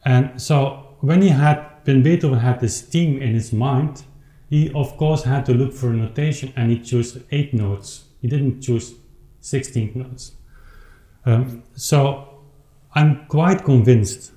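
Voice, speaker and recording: A man who speaks as an explains his recording in thoughtful, halting speech, playing his clavichord between remarks. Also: mid-range voice, mellow. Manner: thoughtful, halting, with many restarts while counting beats and playing. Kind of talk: informal spoken commentary on a piece. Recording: roomy home recording with instrument.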